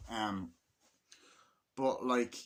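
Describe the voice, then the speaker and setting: A man's voice: medium pitch, drawn-out words, a bit bright. A man casually reviewing a film in a rambling, filler-heavy way, swearing often and acting out lines from the movie.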